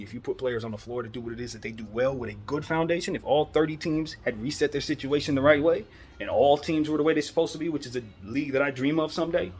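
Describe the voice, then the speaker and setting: A man's voice: mid-range voice, a little hiss or hum. A man hosting a basketball commentary show, giving a fired-up, preachy opinion monologue full of rhetorical questions.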